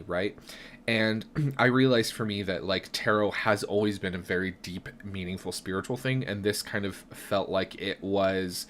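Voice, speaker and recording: A man's voice: lowish voice, slight background noise. A young adult man hosting a tarot live stream, talking in a reflective, chatty way, often checking in with "right?" and restarting his sentences. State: has hiccups. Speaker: tarot reader and channel host. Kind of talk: live-stream casual talk.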